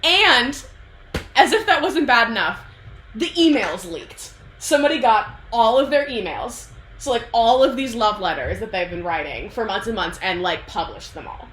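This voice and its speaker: A woman's voice: mid-range voice, normal speed, roomy sound, a little hiss or hum. A young woman chatting casually, retelling a book plot to a friend, swearing often and acting out the characters' lines. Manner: animated, profane, acts out characters' lines, frequent laughter. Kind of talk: casual chat.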